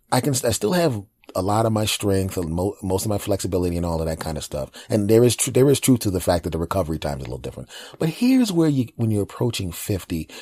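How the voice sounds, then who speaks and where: A man in his forties hosting a comedy podcast, telling rambling stories in an animated way. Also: deep voice, slightly rough, no echo. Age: 40s. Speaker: podcast host. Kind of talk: comedic monologue.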